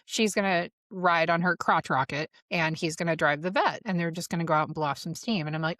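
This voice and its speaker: A woman in her forties talks candidly on her own podcast, blunt and unafraid to swear. She laughs often as she talks. Her voice sits a little low, and the close mic gives a dry sound with no room around it. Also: a little fast, hardly any pauses, a bit bright, no echo. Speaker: podcast host. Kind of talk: candid solo podcast monologue.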